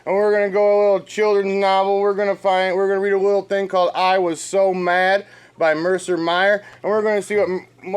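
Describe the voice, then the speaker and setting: A man's voice: high-pitched, steady tone, fairly quick, smooth. A man co-hosting a fantasy football show, ranting in a sweary, exasperated way about his team. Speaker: fantasy football podcast co-host. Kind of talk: profane comedic rant and sports chat.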